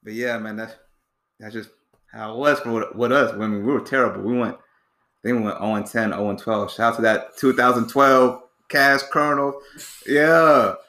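A man's voice: mid-range voice, steady tone, normal speed, pushed and bright, echoey room. Laid-back young man telling stories. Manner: laid-back storytelling with slang and swearing. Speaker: podcast host. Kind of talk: casual chat.

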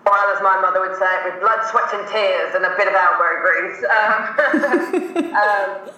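Chatty bright-voiced woman, echoey room. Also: mid-range voice, a little slow, recorded from a distance. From East Anglian Fens, England. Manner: chatty and rambling, with many fillers and restarts. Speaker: guest. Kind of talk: casual podcast conversation. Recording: echoey room, off-mic, slightly dull.

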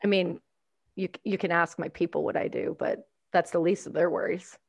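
A woman from Canada chatting casually as a podcast host, telling animated stories, swearing and laughing often. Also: lowish voice, normal speed. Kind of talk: casual chat.

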